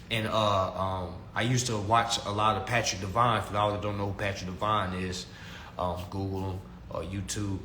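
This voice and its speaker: A man's voice: on the low side, pushed and bright, slight background noise. A young man teaching consumer law in a casual, preachy talk to his followers, repeating himself and calling them family. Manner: preachy, repetitive, calls listeners family. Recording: echoey room with faint ambience.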